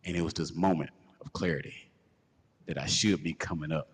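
Male co-host, husky, animated storyteller, slight reverb on the track. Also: a bass voice, a little fast. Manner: animated, laughing, profane storyteller acting out quotes. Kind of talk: casual storytelling chat.

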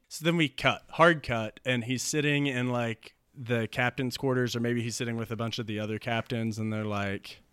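A man's voice: fairly low pitch, a bit bright, clear, resonant tone, no room sound, studio quality. Laughing, rambling man telling a story. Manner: rambling, laughs often, acts out characters with quick voices. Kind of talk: casual chat pitching a movie plot.

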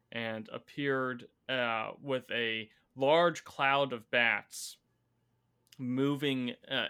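A man recapping a tabletop campaign as its game master, a measured storyteller with a teasing edge. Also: medium pitch, pushed and bright, smooth.

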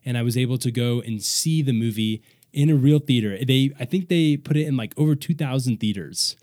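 A man's voice: medium pitch, brisk, darkish tone, no echo. A young man talks through a casual podcast chat, loose and rambling, often doubling back mid-sentence. His voice sits in an ordinary middle register. The sound is dry and close, with no room around it. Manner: chatty, rambling with restarts and laughter. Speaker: podcast host.

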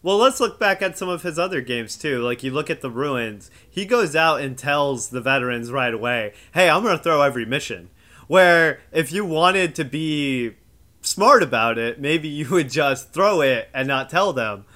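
Bright-voiced man, animated podcast chatter. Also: fairly high pitch, unhurried. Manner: animated storyteller, laughs while talking. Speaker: podcast co-host. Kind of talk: casual chat.

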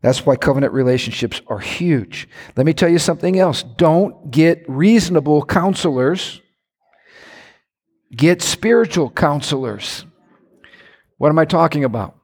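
A man preaching a sermon as a pastor, animated, with sudden shouts and playful impressions. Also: on the high side, measured pace, breathy edge. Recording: long church hall reverb.

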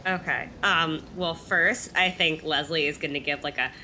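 A woman's voice: low-pitched, fairly even intonation, normal speed, bright, forceful tone, a little hiss or hum. A woman playing a tabletop game, chatty and full of "like". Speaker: player. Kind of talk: casual tabletop play.

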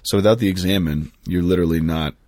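Very deep-voiced man, candid chat. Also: quick pace, darkish tone, no room sound, clean studio sound. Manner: candid, self-deprecating, reflective. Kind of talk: casual conversation about prayer.

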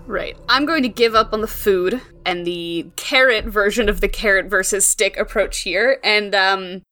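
A young woman playing in a tabletop game, talking casually and thinking out loud as she describes her character's moves. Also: mid-range voice, normal speed. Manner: relaxed, thinking aloud with fillers. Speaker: player.

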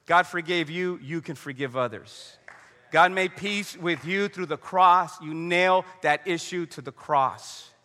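Bright-voiced man preaching in a reverberant hall. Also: on the high side, measured pace. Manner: conversational preaching with storytelling and prayer. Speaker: pastor. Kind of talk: sermon.

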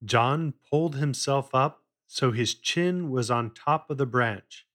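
A man narrating a children's story in a measured read-aloud style. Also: mid-range voice, fairly bright tone.

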